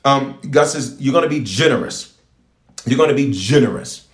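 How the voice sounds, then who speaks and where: In an echoey room, a bishop preaches a livestreamed prayer sermon in a mid-range voice at normal speed. His delivery is animated and repetitive, with call-and-response as he repeats phrases and urges listeners to say things back.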